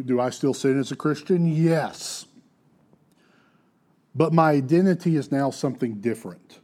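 A man's voice: mid-range voice, mellow. A man preaching a sermon in an earnest, emphatic way, with restarts and casual asides.

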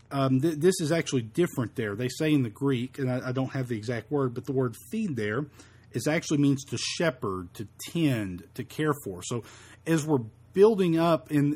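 A man's voice: mid-range voice, a little mellow, breathy edge. A man leading a verse-by-verse Bible study, quoting scripture in old-fashioned wording and often stumbling and repeating words. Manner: halting, repeats words, fills with um and uh. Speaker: Bible teacher.

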